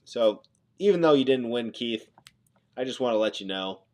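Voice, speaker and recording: A man's voice: medium pitch, expressive, moderate pace, darkish tone. A man hosting a casual livestream from Nebraska, chatting and joking with viewers as he reads the chat aloud. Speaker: livestream host.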